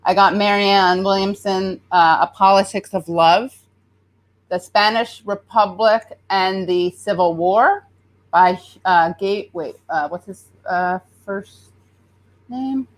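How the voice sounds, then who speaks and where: A woman's voice: mid-range voice, slow pace. An American woman in her thirties hosting a casual livestream, rambling chattily and reading viewer comments aloud. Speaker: show host.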